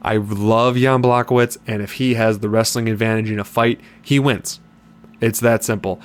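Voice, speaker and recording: Low-voiced man talking fight picks. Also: steady tone, normal speed, slight background noise. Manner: confident, upbeat betting talk. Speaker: podcast co-host. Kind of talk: casual podcast chat.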